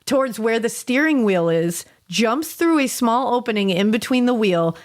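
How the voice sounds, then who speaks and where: A young woman co-hosting a podcast, reading a listener's spooky story aloud in a lively way, laughing and swearing often. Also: a little high, normal speed. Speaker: podcast co-host.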